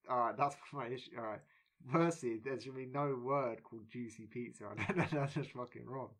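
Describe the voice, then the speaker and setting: A man co-hosting a podcast, teasing and explaining in quick bursts during casual chat. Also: mid-range voice, a bit bright. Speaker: podcast co-host.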